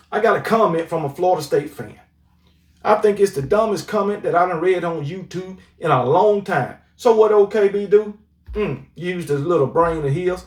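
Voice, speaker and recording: A man's voice: sits high, far from the mic. A man giving an opinionated, trash-talking sports rant, repeating his catchphrases as a vlog host. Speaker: sports commentary vlogger. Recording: roomy echo, voice off-mic.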